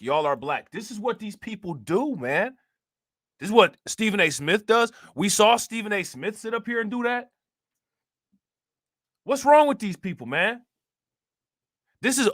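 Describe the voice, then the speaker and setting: A man's voice: high-pitched, fairly bright tone, dry recording, clean studio sound. A man hosting a commentary channel, talking to his viewers in an emphatic, heated way, full of rhetorical questions. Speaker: reaction channel host.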